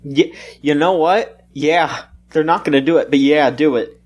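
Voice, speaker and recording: A man co-hosting a gaming podcast, chatting casually in a relaxed, rambling way with frequent laughs. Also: on the high side, moderate pace, breathy edge. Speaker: podcast co-host. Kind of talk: casual chat.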